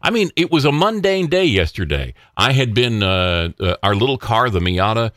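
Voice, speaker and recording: Medium-pitched, sing-song, and fairly bright, a male podcast host speaks at normal speed in a clean, echo-free studio recording, delivering a loose solo political monologue packed with fillers, restarts, and chuckles.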